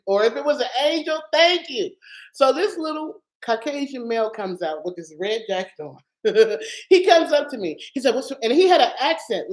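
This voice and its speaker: A woman with a fairly high voice tells a personal faith testimony in a casual, expressive way. She laughs often and calls her listeners y'all. The room gives her voice a noticeable echo. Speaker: Christian speaker sharing a testimony. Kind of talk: animated personal storytelling. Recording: echoey room.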